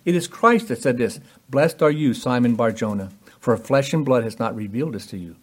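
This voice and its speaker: A man's voice: mid-range voice, lively intonation, brisk. A man preaching a sermon, emphatic and full of rhetorical questions, acting out the voices in the passages he quotes.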